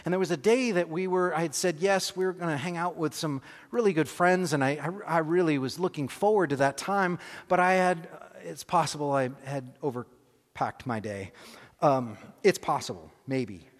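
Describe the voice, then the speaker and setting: A man preaching, telling a personal story with animated, self-deprecating humor and acting out scenes. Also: on the high side, moderate pace, in a large hall. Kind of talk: sermon storytelling.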